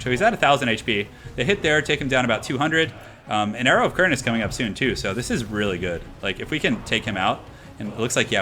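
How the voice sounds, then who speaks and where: A young man streaming a strategy game, commentating in a chatty, excitable, slangy way, tired and a little out of breath. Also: mid-range voice, slight background noise. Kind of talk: casual live-stream commentary.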